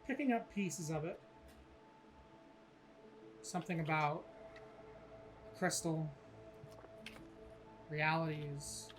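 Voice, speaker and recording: A man's voice: fairly high pitch, takes it slowly, long pauses, soft background music. Casual swearing game master man. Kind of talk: narrating a tabletop game.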